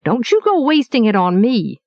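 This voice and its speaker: A woman voicing a cheeky, hungry young apprentice boy who talks in a high, wheedling, eager way. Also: huge pitch swings, moderate pace, a little mellow, dry recording, dull audio.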